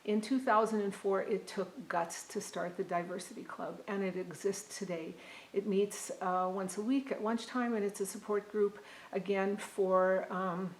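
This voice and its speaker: A middle-aged woman speaks to students about her family, earnest and a little halting, often pausing on ums and starting phrases over. Her voice sits at an ordinary pitch for a woman. The sound carries a noticeable room echo. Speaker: parent giving a talk to university students. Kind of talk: personal storytelling talk.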